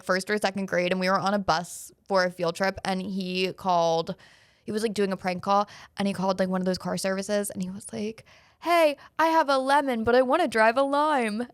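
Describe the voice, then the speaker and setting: A young adult woman hosting a podcast solo, ranting and chatting casually with swearing and quick asides. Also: medium pitch, no room sound, studio quality. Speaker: podcast host. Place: small podcast studio.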